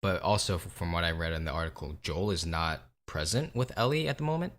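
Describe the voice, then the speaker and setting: Deep low-voiced guy, chill podcast game talk, teasing, swears a bit. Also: quick pace. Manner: relaxed, teasing, swears casually. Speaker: podcast co-host. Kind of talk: casual chat about video games.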